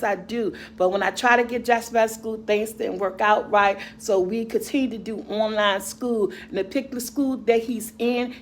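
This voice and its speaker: A woman's voice: on the high side, slight background noise. A middle-aged woman vlogger and mother, chatting casually and rambling to her viewers about their comments, laughing often.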